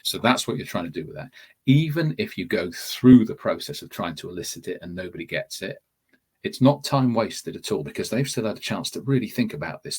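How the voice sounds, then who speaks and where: A TEFL course tutor explains material in a webinar, conversational and addressing viewers directly while often restarting phrases. His deep, husky voice is brisk with big swings in pitch.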